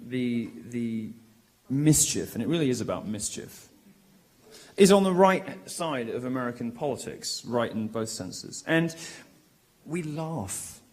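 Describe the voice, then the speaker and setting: A British man giving a provocative, mocking live speech to a college crowd in a large, lively room, delivering it loudly and with projection. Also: a little high. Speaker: public speaker.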